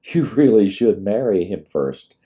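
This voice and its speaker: A man's voice: lowish voice, animated, unhurried, mellow. A man voicing Kate, a wry, teasing young plantation daughter, in a storybook reading.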